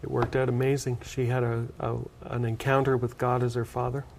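A man speaks as a pastor and talk show guest, with a gravelly, mid-pitched voice. He tells his story earnestly and restarts his phrases often. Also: flat delivery, brisk, noisy background. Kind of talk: interview testimony.

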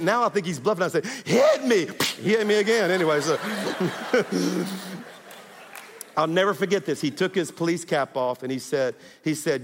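High-voiced pastor preaching in a hall. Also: male voice, normal speed, gravelly. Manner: animated, exhorting the congregation. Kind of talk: sermon. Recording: reverberant hall.

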